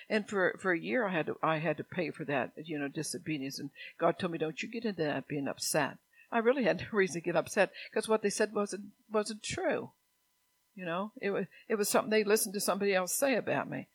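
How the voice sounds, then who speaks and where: A man with a notably high voice delivers a sermon in an easy, conversational way. He repeats key lines and keeps checking in with the congregation. At times he swells into loud, emphatic exhortation. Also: animated, fairly quick, husky, no room sound. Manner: conversational preaching, repeats lines, frequent "all right?"; grows louder and more emphatic when exhorting. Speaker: pastor.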